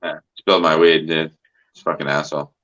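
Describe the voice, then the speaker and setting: Deep-voiced man rambling on a stream. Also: flat delivery, brisk, a bit bright. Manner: rambling, heavy swearing and filler words. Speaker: host. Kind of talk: casual livestream chat. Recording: dull lo-fi stream audio.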